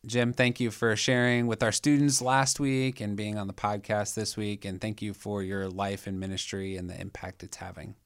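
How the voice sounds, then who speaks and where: A man hosting a podcast interview, speaking in a measured, reflective way. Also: fairly low pitch, steady tone, clean tone, no echo. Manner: measured, reflective, thanks the guest. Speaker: podcast host.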